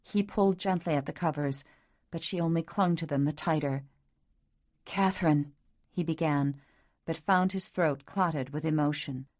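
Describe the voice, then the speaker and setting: A woman with a slightly low voice reads a romance novel aloud. Her narration is soft and measured. She is an audiobook storyteller. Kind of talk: scripted narration.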